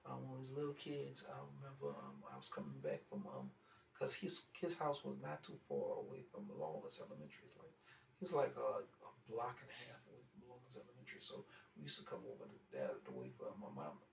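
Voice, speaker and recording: Gravelly man telling a story from afar. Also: medium pitch, quick pace, slight background noise. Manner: animated storytelling, loud and rising when retelling anger. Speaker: interview guest. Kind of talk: casual storytelling interview. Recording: echoey room, far from mic, faint ambience.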